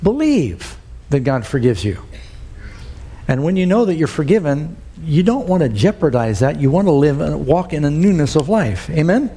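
A man preaches to his congregation, working through scripture and turning to the room with "Amen?". His voice sits a little high but sounds warm and mellow. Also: sing-song, normal speed, husky. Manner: preaching with many scripture quotes, asks the crowd "Amen?". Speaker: pastor. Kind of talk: sermon. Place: church with congregation.

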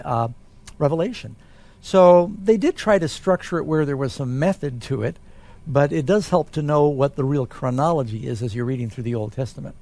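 A man, a pastor, answering Bible questions in a relaxed, conversational way. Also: a little high.

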